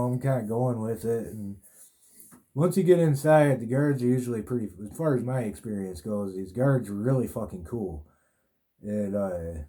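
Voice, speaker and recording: A man's voice: medium pitch, warm tone. A man hosting a podcast, telling a long, rambling personal story in a laid-back way, full of swearing and fillers. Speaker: podcast host.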